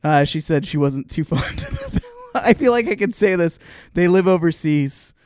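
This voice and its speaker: Smooth, fairly high-voiced young man. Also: moderate pace, dry recording, clean studio sound. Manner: animated, rambling anecdotes with frequent laughs. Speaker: podcast co-host. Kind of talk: casual chat, storytelling.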